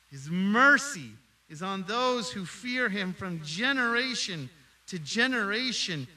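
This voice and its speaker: Middle-aged man pastor giving a sermon, slow and lively, mic kinda far off. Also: sits high. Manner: animated, acts out quoted voices.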